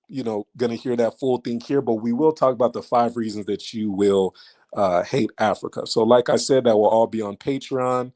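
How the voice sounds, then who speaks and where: A man hosting a live stream, talking straight to his viewers in an animated, mocking way and repeating lines for emphasis. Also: medium pitch.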